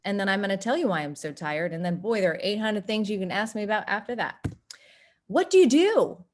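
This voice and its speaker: A woman from North Texas, presenting an online workshop and acting out quotes in lively voices. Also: fast talker. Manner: animated, acts out quoted voices with big pitch jumps.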